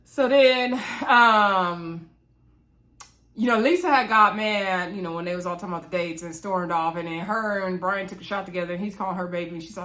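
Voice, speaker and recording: A woman casually reviewing a reality dating show, chatty and gossipy, with playful asides, quick laughs and lots of fillers. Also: lowish voice, fairly even intonation, a bit bright.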